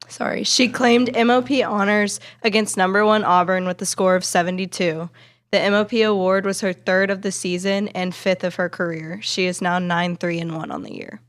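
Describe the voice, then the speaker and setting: A woman's voice: medium pitch, fairly even intonation, normal speed. Woman reading college sports news. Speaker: news segment reporter.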